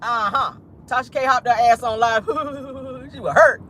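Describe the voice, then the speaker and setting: A woman's voice: a little high, measured pace, a bit bright, a little hiss or hum, low-quality recording. A woman hosting a gossip show, speaking in a sassy, profane, laughing manner. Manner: sassy, profane, laughing often, acts out quotes. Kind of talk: casual commentary to viewers.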